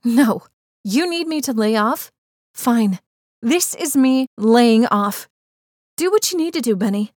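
A woman's voice: a little high, unhurried, darkish tone, no echo, studio quality, natural voice. A woman voicing a frustrated young woman confronting her boyfriend, pointed and rising to anger. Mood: exasperated.

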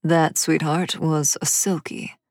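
A woman voicing a tall, affectionate father who speaks in a low, easy, gently amused way in a storybook reading. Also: level tone, takes it slowly, no echo, studio quality, full character voice. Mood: fond.

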